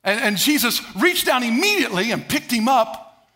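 Male pastor, sermon delivery, high voice with a bright edge, dramatic shifts from booming to hushed. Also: expressive, moderate pace. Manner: emphatic, swings between loud declarations and hushed asides.

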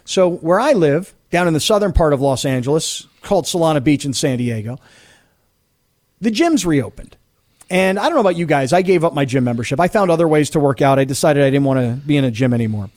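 Middle-aged male radio host, high voice, indignant storyteller. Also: expressive, fairly quick, a little mellow. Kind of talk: sports radio talk.

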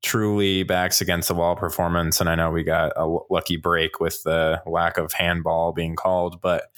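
A man's voice: sits low, little pitch movement, moderate pace, fairly bright tone. A man on a casual podcast panel, chatting in a rambling, self-interrupting way and laughing often. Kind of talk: casual chat.

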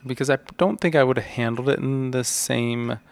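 Gravelly man chiming in supportively. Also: medium pitch, moderate pace, no echo. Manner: supportive, brief interjections. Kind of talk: casual chat.

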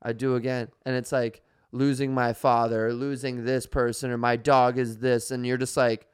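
A man in casual podcast chat, animated and rambling, full of fillers. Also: medium pitch, normal speed, smooth. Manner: animated, rambling, filler-heavy, says bro.

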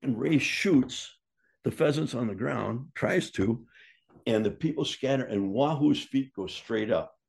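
A man telling a casual anecdote, animated and jumping up in pitch when he acts out what others said. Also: unhurried, creaky. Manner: animated, acts out quoted voices with big pitch jumps. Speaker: storyteller guest.

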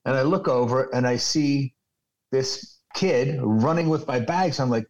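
A man's voice: medium pitch, measured pace, a little mellow, muffled recording. A man in his sixties telling rambling, profane anecdotes as a radio guest over a video call. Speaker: radio program director guest. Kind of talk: storytelling interview.

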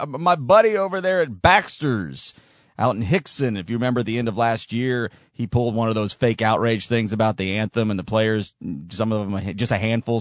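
A man hosts and produces his own talk podcast, delivering a solo monologue that rambles casually with a sardonic edge. His voice is on the low side, and the recording is dry and studio-clean.

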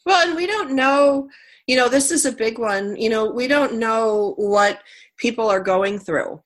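A woman's voice: on the high side, measured pace. A woman hosting a coaching talk show, telling personal stories candidly with lots of "you know" fillers. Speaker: podcast host and coach. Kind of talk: conversational interview.

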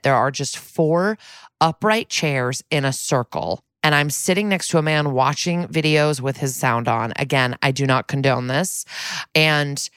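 Middle-aged female podcast co-host, lowish voice, lively storyteller, dry studio sound. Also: a little slow, clear, resonant tone, dry recording. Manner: animated storytelling, acts out quotes. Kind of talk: casual chat.

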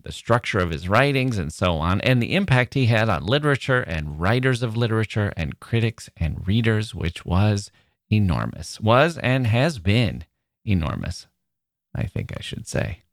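A man's voice: on the low side, very animated, normal speed, no room sound, clean studio sound. A man hosting a conversational literature podcast, telling stories wryly with digressive asides. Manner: wry, digressive storytelling with asides. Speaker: podcast host.

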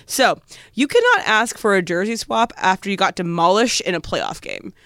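A man hosting a sports talk show, telling stories briskly and passing the turn to his co-hosts. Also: high voice, lively intonation, pushed and bright, clear, resonant tone, dry recording, studio quality. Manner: brisk, storytelling, hands turns to co-hosts. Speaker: sports radio host leading segments.

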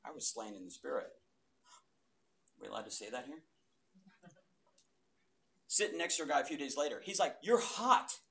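A man in his fifties stands before a church audience and tells his testimony. His delivery swings from sudden loud bursts to quiet, hushed asides, and he keeps the story moving with lively energy. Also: medium pitch, moderate pace, creaky, pauses often. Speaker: speaker giving a testimony. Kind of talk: testimony talk to a live audience.

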